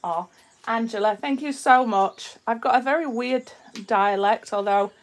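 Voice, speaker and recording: A resin artist from Yorkshire, England, hosts a live stream, chatting casually with viewers while she demonstrates her craft, greeting people and reading their comments aloud. Her Yorkshire accent carries a slight Australian twang, and her fairly high voice moves at a measured pace.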